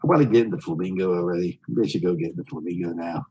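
A man's voice: flat delivery, fast, breathy edge, low-quality recording. Brash crude-talking middle-aged man. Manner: brash, bellows loud high greetings then mutters insults low; vulgar and mocking. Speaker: streamer chatting with strangers on a video chat site. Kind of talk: crude prank streaming.

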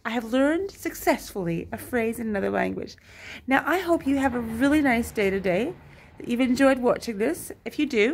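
A woman's voice: fairly high pitch, lively intonation, normal speed, a little hiss or hum. A woman talking to camera in a casual video diary, chatty, upbeat and self-deprecating. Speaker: vlogger. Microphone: headphones with Bluetooth device.

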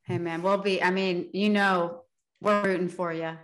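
A woman co-hosting a casual podcast, teasing her guests with a bubbly, easy laugh. Her voice sits somewhat low for a woman. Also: steady tone, normal speed. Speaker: podcast co-host.

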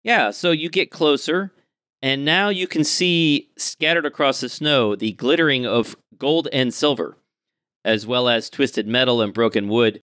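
A man narrating a tabletop game as game master, describing scenes calmly and in detail. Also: mid-range voice, unhurried, clean tone, no room sound, clean studio sound.

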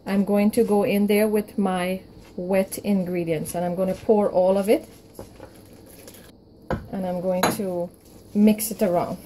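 A woman leads a home cooking lesson, explaining each step of the recipe with calm encouragement. Her voice is mellow and relaxed rather than bright. A faint background noise sits under her speech in a home kitchen. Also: medium pitch, poor audio. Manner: warm step-by-step instructions with reassuring promises. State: out of breath from kneading. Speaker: home baking cook. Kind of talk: cooking tutorial narration.

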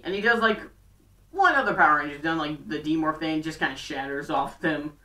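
A woman casually recapping a TV show, rambling and talking in quick bursts full of fillers. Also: low-pitched, sharp tone. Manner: chatty and rambling, fast bursts, many fillers. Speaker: fan video recapper. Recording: roomy, distant from mic.

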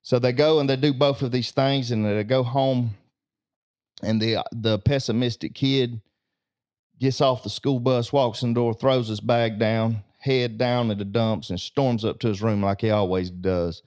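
A man's voice: mid-range voice, fairly even intonation, a little slow, darkish tone. A man tells a homespun tale as a discussion-show co-host. His manner is folksy and plainspoken, and he doubles back on his words on the way to the lesson. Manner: folksy, repeats words while building to a point. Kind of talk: folksy storytelling with a moral.

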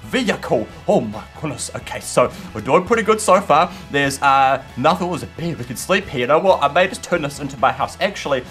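A young man giving chatty, excitable commentary while playing a game, shouting in the fights. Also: on the high side, a little fast, hardly any pauses, faint music behind. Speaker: gaming channel host. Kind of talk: casual gameplay commentary.

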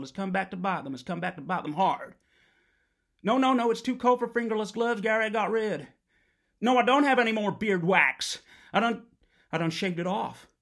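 A gravelly, rattled ex-militant , as a man puts him on, rambles down the phone in a comedic monologue. He stammers and restarts, repeats himself and swears, his voice sitting a touch high. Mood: indignant.

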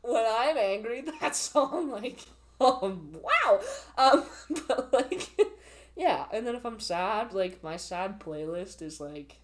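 Here a twentysomething woman from Canada guests on a podcast, her mid-range voice animated yet slow. The talk is relaxed and meandering, full of giggles and filler words.

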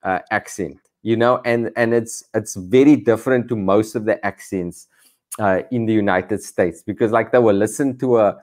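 A man with a Cape Town accent, a comedian guest chatting casually on a video call from a garage rooftop, animated and self-deprecating with many restarts. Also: lowish voice, normal speed. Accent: Cape Town South African. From South Africa. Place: on top of a garage, outdoors.

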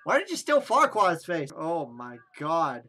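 A woman's voice: sits low, measured pace. A young woman giving joking, dramatic let's-play commentary on a video game. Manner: excitable, joking, dramatic reactions.

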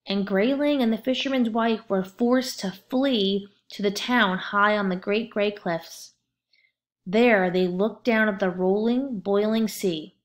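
A woman narrating a children's storybook aloud in a steady, expressive way. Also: mid-range voice.

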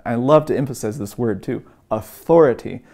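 A man's voice: medium pitch, normal speed, darkish tone. A man teaching an evangelism course, retelling stories in an earnest way with frequent um and uh fillers. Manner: lifts his voice when acting out quoted lines. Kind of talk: teaching talk with retold stories.

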